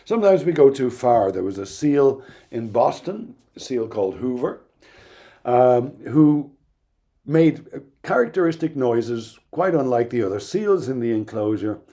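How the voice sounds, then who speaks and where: Mellow-voiced man giving a lecture. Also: mid-range voice, very animated, measured pace. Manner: explanatory, thoughtful, with occasional ums and restarts. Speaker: university lecturer. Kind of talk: recorded lecture.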